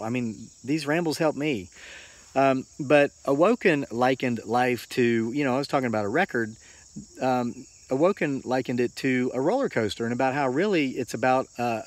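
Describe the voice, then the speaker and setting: A man's voice: medium pitch, no room sound. Earnest rambling homesteader man. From United States. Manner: earnest, rambling and repetitive, with many fillers. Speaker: homesteading vlogger. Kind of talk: motivational morning ramble. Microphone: handheld phone.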